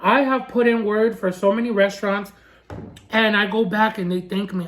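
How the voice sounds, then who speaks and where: A man's voice: high-pitched, fairly even intonation, moderate pace, a bit bright. A man and food vlogger telling an indignant story, full of fillers and acting out the dialogue in shifting voices. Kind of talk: story time.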